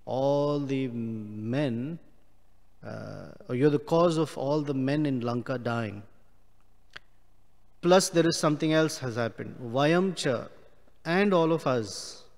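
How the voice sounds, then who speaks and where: Slow-speaking man teaching scripture in a hall. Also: medium pitch, vocal fry, darkish tone. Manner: explains Sanskrit words slowly, with many pauses. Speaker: class speaker. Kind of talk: scripture class.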